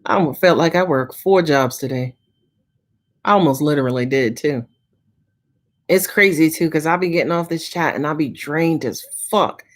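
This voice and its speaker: A woman's voice: low voice, normal speed. Slangy, tired tarot reader woman. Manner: casual, slangy and profane. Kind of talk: live-stream Q&A reading.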